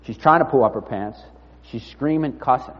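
A man preaching a sermon in a conversational, storytelling way, often dropping his voice low and quiet. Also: moderate pace. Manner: conversational storytelling, drops to near-murmur. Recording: dull sound with long reverb in a hall.

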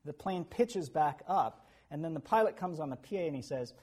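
A man preaching a sermon who tells animated stories with chuckles and asides. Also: on the high side, normal speed, husky. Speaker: pastor.

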